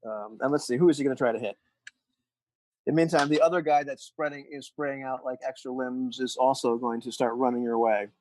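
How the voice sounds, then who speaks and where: A man's voice: medium pitch, steady tone, brisk, darkish tone, no echo, rough recording. A man running a tabletop game as game master, narrating in a rambling way with many restarts. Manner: rambling, full of restarts and "you know".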